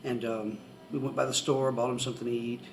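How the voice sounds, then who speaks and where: A man telling a personal testimony story to the camera, excitable and rambling with many restarts. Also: medium pitch, fairly quick, vocal fry, music in the background, poor audio. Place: indoors, seated facing the camera.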